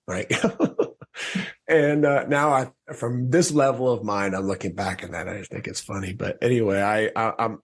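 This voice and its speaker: Low, husky man telling his story. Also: moderate pace. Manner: animated, acts out his own past thoughts with restarts and laughs. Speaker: podcast guest. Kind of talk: candid personal storytelling.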